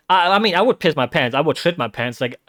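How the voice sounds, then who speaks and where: A fairly high-voiced man, chattering through a live football watch-along as a vtuber. His talk rambles and restarts, then jumps into loud, excited exclamations. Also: normal speed. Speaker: vtuber streamer.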